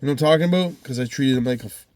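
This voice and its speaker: A man's voice: medium pitch, rapid-fire, darkish tone, no echo. A man rambling through a heated, profanity-filled personal story as a vlogger. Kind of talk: casual storytelling monologue.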